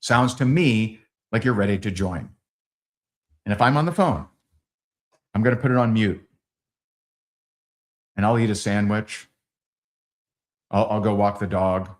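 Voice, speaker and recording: A man leading a live sales training, acting out both sides of sales calls in lively quoted dialogue. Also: fairly low pitch.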